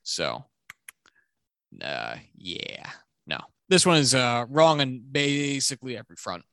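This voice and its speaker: A man's voice: medium pitch, wildly swooping pitch, slow, vocal fry, sharp tone, clean tone, dry recording, clean studio sound. A man co-hosting a casual sports podcast, chatty and self-deprecating, with joking trash talk. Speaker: podcast co-host.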